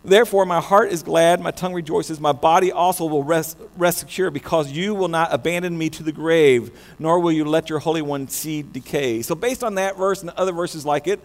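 High-voiced American pastor in echoing hall. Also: male voice, brisk, few pauses. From United States. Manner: animated, many restarts and stammers. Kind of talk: sermon. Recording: long hall reverb with mains hum.

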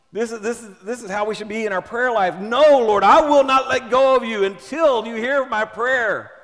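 A man preaches with fervor, stumbling over and repeating words as he presses each point. His voice sits high, and he swings between soft stretches and loud bursts. A long reverb trails behind him, as in a church hall. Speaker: pastor. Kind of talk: sermon.

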